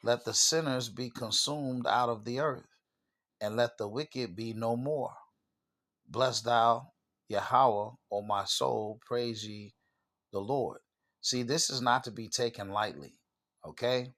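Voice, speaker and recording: A man's voice: medium pitch, takes it slowly, a bit bright. A man hosting his own channel, preaching an informal sermon and reading scripture, emphatic and stopping often to say "all right" and "okay".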